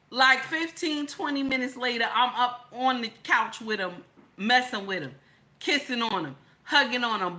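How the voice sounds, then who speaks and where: A woman's voice: fairly high pitch, pushed and bright. Blunt, preachy woman livestreaming. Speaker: livestream host. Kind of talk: opinionated livestream commentary.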